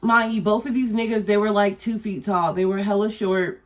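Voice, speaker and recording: Blunt, animated young woman telling a story. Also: mid-range voice, moderate pace. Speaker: vlogger. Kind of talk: storytime vlog.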